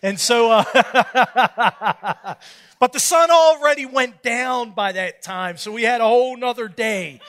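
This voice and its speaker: A man preaching at a Bible study, telling a story from his own marriage in a folksy, self-mocking way and getting animated as he acts out the scenes. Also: very high-pitched, slow. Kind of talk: storytelling sermon.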